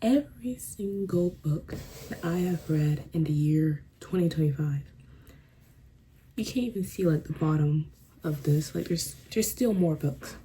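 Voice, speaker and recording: A woman's voice: low-pitched, lively intonation, a little slow, warm tone, a little hiss or hum, rough recording. A young woman chatting casually in a book vlog, rambling with lots of fillers and a little out of breath. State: a bit out of breath. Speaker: book vlogger. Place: room at home with a fan running. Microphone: camera on a stand.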